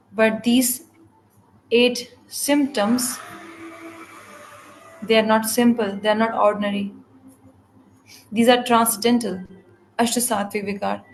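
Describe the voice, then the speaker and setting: A woman interpreting a spiritual scripture class, speaking in halting phrases with restarts and repeated words. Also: on the high side, a little hiss or hum, rough recording. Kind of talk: translating a devotional scripture class.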